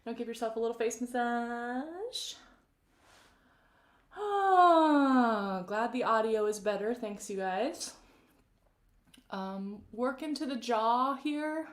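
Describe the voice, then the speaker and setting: A woman vocal coach leading a live-streamed warm-up, speaking gently and encouragingly and greeting viewers by name. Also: on the high side, unhurried. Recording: roomy echoey live-stream audio.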